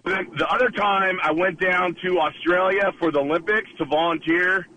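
A man phoning into a radio show with a sharply bright, tense voice. He rambles with many pauses and half-finished asides. There is a faint hiss underneath. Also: high voice, fairly even intonation, low-quality recording. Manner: rambling, trails off and hesitates. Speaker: radio caller. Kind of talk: casual phone-in anecdote.

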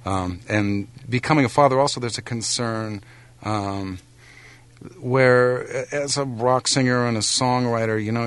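A guest musician from the United States, a man in his forties, talks in a relaxed, thoughtful way during a radio interview, with frequent ums and restarts. His voice is fairly low, and the recording is dry.

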